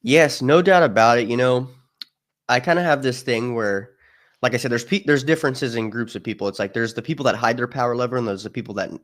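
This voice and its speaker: A man's voice: medium pitch, quick pace. Emphatic man telling stories. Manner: emphatic, storytelling with mimicked voices. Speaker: podcast guest. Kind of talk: casual political discussion.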